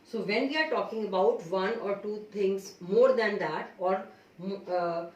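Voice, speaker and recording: A woman's voice: medium pitch, measured pace. A woman teacher with an Indian English accent gives a grammar lesson, explaining patiently and often checking in with "okay" and "right?". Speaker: school teacher. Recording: echoey room, far from mic.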